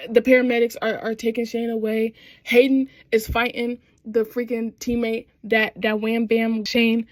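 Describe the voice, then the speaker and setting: A young woman casually recapping a TV show, animated and slangy, acting out the characters' lines as she goes. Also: fairly high pitch, normal speed, dry recording. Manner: animated, slangy retelling with quoted voices. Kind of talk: casual chat.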